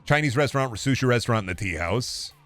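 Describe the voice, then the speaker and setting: In this casual gaming stream, a young man at his home setup rambles and curses to himself through a close desk mic. His medium-pitched voice is fast and lively in intonation, with a fairly bright tone and faint music behind it.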